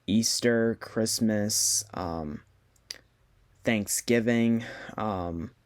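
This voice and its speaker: A young man talking slowly to his viewers in a halting way, with many fillers and restarts, while trying not to cry. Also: on the low side. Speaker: vlogger. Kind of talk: casual personal talk to camera. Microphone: computer mic on a video call.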